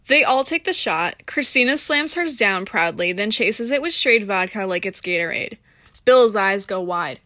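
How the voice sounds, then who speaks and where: A woman's voice: medium pitch, lively intonation, normal speed, fairly bright tone, dry recording, studio quality. A woman reading an audiobook in a playful storytelling manner. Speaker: audiobook narrator. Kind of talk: scripted audiobook narration.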